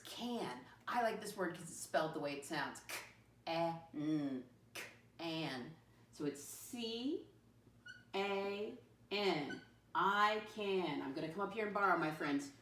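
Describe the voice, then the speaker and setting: A woman teacher giving a slow, sing-song math lesson to young children, spelling words out letter by letter. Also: mid-range voice, a bit bright, slight background noise. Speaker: first grade teacher. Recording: roomy classroom, mic at a distance.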